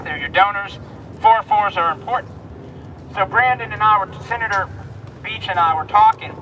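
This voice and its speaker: A man's voice: high voice, a bit bright, far from the mic, a little hiss or hum, low-quality recording. A man from Texas giving a rousing, repetitive outdoor protest speech at a rally. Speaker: rally speaker.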